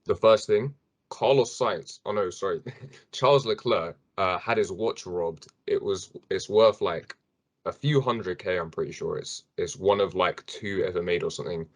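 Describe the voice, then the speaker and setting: A man's voice: deep voice, moderate pace. A young man hosting a casual sports podcast, chatty and rambling, with fillers and restarts. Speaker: podcast host.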